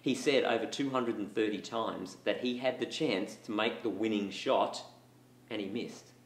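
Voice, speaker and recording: A man's voice: fairly low pitch, normal speed. A man talking candidly to students about procrastination and admitting his own struggles. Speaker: motivational speaker for schools. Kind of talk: talk to students. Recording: echoey room.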